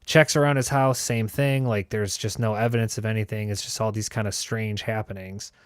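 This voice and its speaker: A man's voice: fairly low pitch, steady tone, brisk, clear, resonant tone, no room sound, studio quality. A man hosting a show, telling a story in a loose, casual way, swearing and filling his talk with "like" and "you know". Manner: loose and profane, heavy with fillers. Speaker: host.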